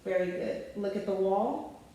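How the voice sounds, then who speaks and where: A woman's voice: mid-range voice, a little slow. Methodical woman in an echoey exam room. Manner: methodical, calm, narrating findings aloud while instructing the patient. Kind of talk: narrated physical assessment demonstration. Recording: very echoey room, picked up from a distant mic.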